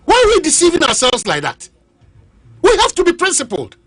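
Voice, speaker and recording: A Ghanaian man hosts a political radio debate with a high, very lively voice. He is impassioned, hammers on his words and interrupts his guest. The tone is bright and bold throughout. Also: fairly quick. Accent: Ghanaian English. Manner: impassioned, repeating words, cutting in with "hold on". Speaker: radio talk show host. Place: radio studio.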